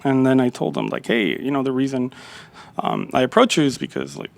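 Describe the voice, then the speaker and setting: A man's voice: medium pitch, sing-song, brisk, vocal fry. A man who is an executive chef, telling a long story in a casual interview, rambling and laid-back, with plenty of fillers and quoted dialogue. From Calexico and Mexicali area. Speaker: executive chef, podcast guest.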